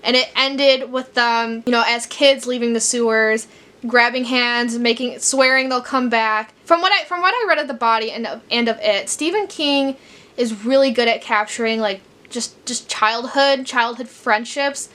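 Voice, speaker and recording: Young woman, book vlogger, casual rambling chat, filler-heavy, bright tone, teary. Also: fairly high pitch, moderate pace. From Chicago, USA. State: teary, crying at times.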